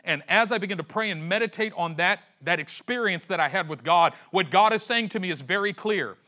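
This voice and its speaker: A man preaching a sermon, retelling a story with slangy acted-out voices and dramatic pauses. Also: high voice, pushed and bright. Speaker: pastor.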